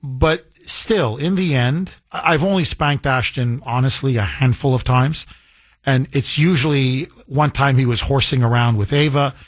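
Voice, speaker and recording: A man's voice: mid-range voice, unhurried, no room sound, clean studio sound. A middle-aged man hosting a talk radio show, telling a personal story in casual chat and acting out the voices he quotes, with frequent restarts.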